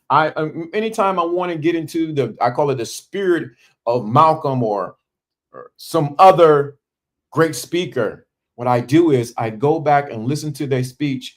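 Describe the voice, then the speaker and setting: Emphatic preacherly man with pauses. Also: fairly high pitch. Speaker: podcast host. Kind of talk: motivational talk.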